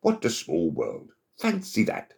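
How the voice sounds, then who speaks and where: A man voicing an excitable, chirpy frog with a squeaky, astonished voice. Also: measured pace, vocal fry, full character voice.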